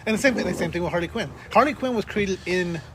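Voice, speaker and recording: A man's voice: high voice, quick pace, very noisy. A man co-hosting a gaming podcast in casual chat, rambling with restarts and swearing freely. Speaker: podcast co-host.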